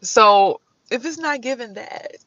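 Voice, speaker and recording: Bright-voiced blunt woman reading tarot. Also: fairly high pitch, a little slow, no echo, lo-fi sound. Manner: blunt, animated, slangy, breaks into song. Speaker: tarot reader and vlogger. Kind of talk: casual tarot reading vlog.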